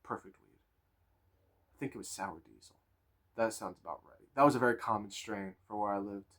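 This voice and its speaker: Animated young man telling a story. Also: lowish voice, a little fast. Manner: animated, laughing, crude slang. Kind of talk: casual storytime.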